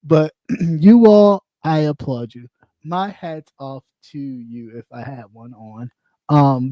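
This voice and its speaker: Profane, laughing livestream host. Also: male voice, medium pitch, dry recording. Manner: loose, profane and animated, with frequent laughs and repeats. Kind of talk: casual commentary livestream.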